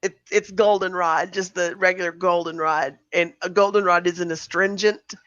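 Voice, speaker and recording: A man with a fairly high voice rambles through casual podcast chat, stopping and restarting his sentences as he goes. He is getting over the flu. The mic is dull and dry, like a cheap home setup. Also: level tone, moderate pace, a bit bright, no room sound. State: recovering from flu. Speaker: podcast co-host.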